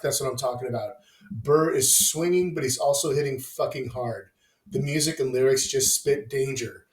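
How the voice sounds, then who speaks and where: A man hosting a music review, talking through albums with enthusiasm, profanity and wry asides. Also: medium pitch. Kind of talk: opinionated album review monologue. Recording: roomy echo.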